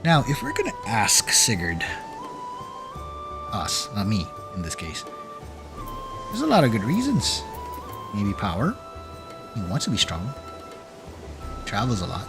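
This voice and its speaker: Chill guy streaming a game, talks slow, thinks out loud, music playing in the back. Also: on the low side. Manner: relaxed, thinking aloud with pauses. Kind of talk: casual gameplay commentary. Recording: game music clearly behind.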